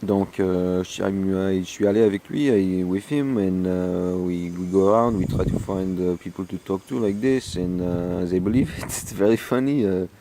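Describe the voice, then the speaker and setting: A hungover, tired man with a French accent talking casually outdoors on a deck, halting and full of fillers and slipping between English and French. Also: sits low, mellow, a little hiss or hum. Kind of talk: rambling casual vlog.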